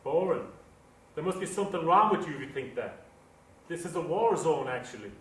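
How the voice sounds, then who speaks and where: A man's voice: on the high side, lively intonation, fairly quick, natural voice. A man playing an offhand joking drinker. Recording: echoey room, mic at a distance.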